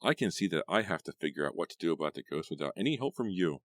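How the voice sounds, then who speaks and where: A man's voice: animated, fast talker, dry recording, clean studio sound. A man voicing a desperate, anxious teenage girl in an audiobook, pleading in a raised voice. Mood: angry. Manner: pleading, rising to high pitch.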